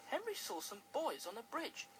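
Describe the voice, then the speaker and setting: A storyteller reading a children's storybook aloud with expressive delivery. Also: mid-range voice, normal speed, a little hiss or hum, poor audio. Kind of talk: storybook narration.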